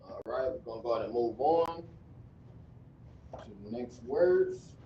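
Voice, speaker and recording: A man walks through an alphabet lesson, repeating each sound and stopping often to correct himself. His voice is mellow and dark. He sounds set back from a dull, lo-fi mic in an echoey room. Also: mid-range voice, lively intonation, measured pace, recorded from a distance, a little hiss or hum. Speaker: language teacher. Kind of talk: recorded script lesson.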